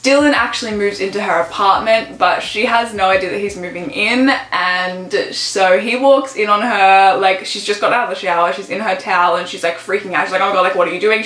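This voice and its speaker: A woman's voice: medium pitch, fairly bright tone, echoey room. Chatty young woman from Australia gushing about books. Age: young adult. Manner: gushing, chatty, heavy use of "like". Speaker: book vlogger. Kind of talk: casual chat.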